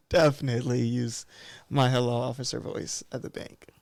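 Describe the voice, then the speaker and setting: A man's voice: mid-range voice, steady tone, normal speed, vocal fry, a little mellow, no room sound, studio quality. A man in his thirties, a barber guest on a podcast, talking in a candid, loose and reflective way. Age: 30s. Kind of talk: casual podcast conversation.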